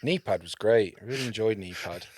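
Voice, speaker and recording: A man's voice: fairly low pitch, brisk, a little mellow, dry recording. A man on a comedy podcast who tells blunt, offensive one-liners in casual banter. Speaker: podcast co-host.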